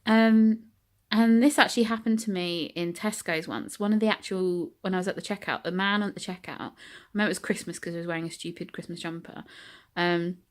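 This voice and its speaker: Chatty British woman, lowish voice. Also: steady tone, fast talker. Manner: chatty storytelling with frequent ums and likes. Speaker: vlogger. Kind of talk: casual chat to camera. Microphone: camera she sets up herself.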